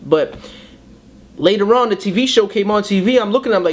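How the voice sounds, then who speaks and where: Fast-talking young man, raised voice. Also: sits high. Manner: animated storyteller, slips into mimicking others' voices. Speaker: battle rapper. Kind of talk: casual storytelling interview.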